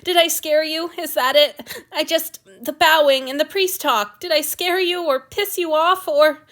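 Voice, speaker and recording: A woman voicing an ancient male god who is awkward and anxious, speaking in a tense, halting, stiff way. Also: high voice, fairly bright tone, voice pushed up. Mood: panicky.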